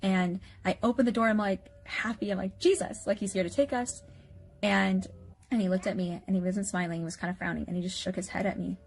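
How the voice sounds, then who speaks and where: A woman's voice: medium pitch, flat delivery, quick pace, creaky, faint music behind. A woman anxiously recounting a dream, rambling with many fillers and bewildered questions.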